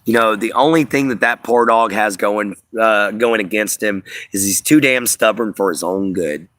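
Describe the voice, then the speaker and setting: A man's voice: lowish voice, moderate pace, a bit bright, no room sound. Chatty man hosting a live stream. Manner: rambling, filler-heavy, talks to chat. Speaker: livestream host. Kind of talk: casual livestream chat.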